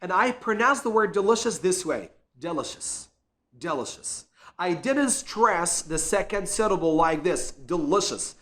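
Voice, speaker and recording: A man's voice: high-pitched, animated, moderate pace, few pauses, a bit bright. A man and English teacher giving an earnest, encouraging spoken lesson, repeating words to show pronunciation.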